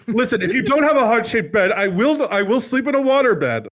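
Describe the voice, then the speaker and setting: A man's voice: very high voice, big pitch swings, a little fast, fairly bright tone. A man co-hosting a podcast, chatting casually with a joking, theatrical manner. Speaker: podcast co-host. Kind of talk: casual comedic chat.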